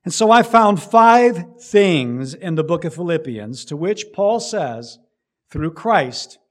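A man preaching a sermon, emphatic, rising loud and dropping low to stress his points. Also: expressive, slow. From United States. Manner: emphatic preaching with big swings in loudness. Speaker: pastor.

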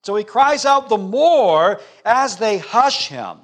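Male preacher with a fairly high voice, dramatic delivery with big swings between loud and soft. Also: huge pitch swings, takes it slowly. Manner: dramatic, sweeping swings from loud to hushed, rhetorical questions. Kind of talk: sermon.

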